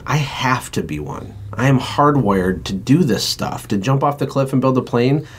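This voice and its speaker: A man hosting a podcast, an entrepreneur talking in an energetic, emphatic, motivational way. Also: mid-range voice, normal speed, breathy edge. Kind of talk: casual chat.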